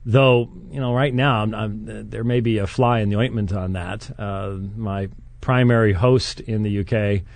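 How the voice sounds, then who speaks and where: A man hosting a call-in radio program, talking in a halting way with frequent restarts and chuckles. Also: lowish voice, fairly even intonation, dry recording. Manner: halting, many restarts and fillers, chuckles often. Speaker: radio show host.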